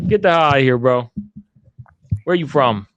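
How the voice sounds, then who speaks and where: A man's voice: mid-range voice, expressive, moderate pace, fairly bright tone, no echo, muffled recording. A man hosting an online debate space, talking in a brash, mocking, slangy way.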